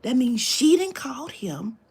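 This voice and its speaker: A woman's voice: high-pitched, big pitch swings, measured pace, dark tone, husky. A woman telling a long story in casual talk, acting out the quoted dialogue, swearing freely and dropping into whispers. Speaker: spiritual reader telling a client story.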